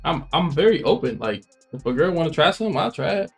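A man's voice: fairly high pitch, sing-song, quick pace, creaky, faint music behind. A man co-hosting a reaction show, chatting casually in a laid-back, rambling way and repeating himself. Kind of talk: casual chat.

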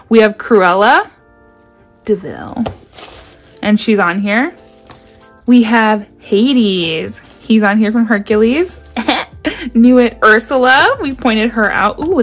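A young woman chatting excitedly to her viewers while unboxing, gasping and gushing as she talks. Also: on the high side. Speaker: nail vlogger doing an unboxing. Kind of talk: excited casual unboxing chat.

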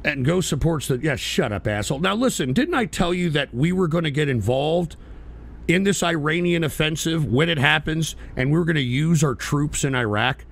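A man hosting a live talk radio stream, ranting combatively with profanity and bursts of shouting. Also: a little high, lively intonation, normal speed, gravelly. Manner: mocking whiny impressions of critics.

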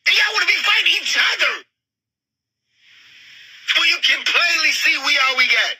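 A woman in an angry, profane rant, shouting and agitated, saying she is overheated and upset. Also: high-pitched, lively intonation, moderate pace, poor audio. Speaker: woman in a viral video. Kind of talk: angry ranting monologue.

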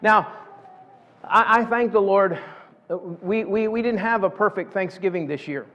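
A man's voice: high-pitched, unhurried, bright, forceful tone, a little hiss or hum. Folksy preacher man in a reverberant hall. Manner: folksy, repeats words while building up to points. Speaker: pastor. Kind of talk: sermon. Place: church sanctuary. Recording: dull sound with long church hall reverb.

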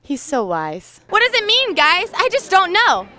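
A woman's voice: very high-pitched, wildly swooping pitch, a little slow, pushed and bright. A woman hosting a playful street interview, teasing passers-by with a word quiz. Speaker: host. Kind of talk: street vox-pop interviewing.

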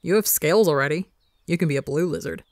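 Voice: fast talker, no room sound, studio quality, natural voice. A storyteller voicing a hesitant, grumbling boy who teases back. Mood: coaxing. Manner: low, grumbling, reluctant.

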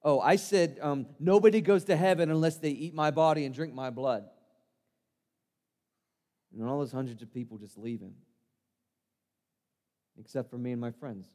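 A man's voice: mid-range voice, moderate pace, long pauses, warm tone, lightly acted. A man performing a first-person monologue as the disciple Peter, an impulsive, earnest fisherman, telling his story in a conversational, self-deprecating way in a church sanctuary. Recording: long reverb of a church hall.

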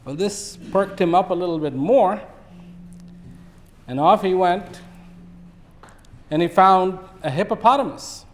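A man in his fifties addresses a gathering as a guest speaker. He tells a fable in a relaxed, storyteller's way, with a voice slightly higher than most men's. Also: unhurried, pauses often. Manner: relaxed storyteller, acts out animals. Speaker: invited speaker. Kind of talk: speech with storytelling.

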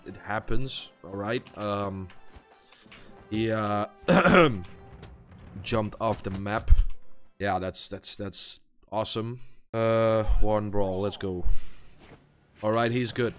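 This gaming YouTuber is a weary young man whose first language isn't English, cursing and muttering to himself over his gameplay commentary. His voice is fairly low-pitched but fairly bright in tone.

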